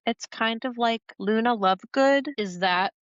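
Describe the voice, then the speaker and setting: A woman's voice: on the high side, measured pace, fairly bright tone, no room sound, dull audio. A woman co-hosting a podcast, chatting and asking questions conversationally. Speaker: podcast co-host. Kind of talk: casual chat.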